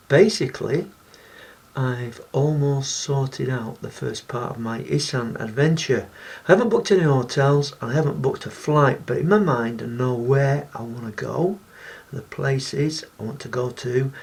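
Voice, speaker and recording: A man's voice: medium pitch, creaky, slightly rough. A man, narrating his day in a casual vlog in a chatty, wry, self-mocking way. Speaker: vlogger.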